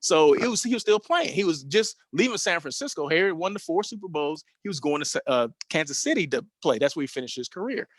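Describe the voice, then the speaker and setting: A man in his fifties hosting a show, telling a personal anecdote in a casual, animated way with frequent tag questions. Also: on the high side, fast talker, few pauses, dry recording. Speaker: host.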